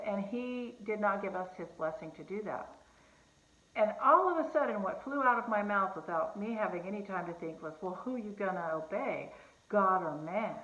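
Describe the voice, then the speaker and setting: A woman's voice: mid-range voice, fairly bright tone. A woman recounts a personal testimony in an earnest, chatty way, stopping and restarting her sentences. Her voice sits in a middle register and carries a noticeable room echo. The recording sounds a little dull and muffled. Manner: conversational, earnest, with fillers and restarts. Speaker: host sharing a personal testimony. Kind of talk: casual testimony storytelling.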